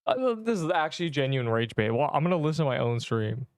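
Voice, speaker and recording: A man's voice: a little high, animated, fast talker, clean tone, no echo. A man streaming a game, chatting casually and rambling in exasperated banter with his viewers, full of slang. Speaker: gaming streamer. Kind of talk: casual livestream chatter while playing.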